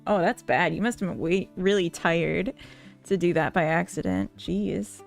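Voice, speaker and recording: Slow-talking, giggly Minnesotan woman. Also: lowish voice, expressive, vocal fry, soft background music. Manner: giggly, rambling, full of fillers. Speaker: live-streaming game developer. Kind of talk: casual live-stream chat with viewers.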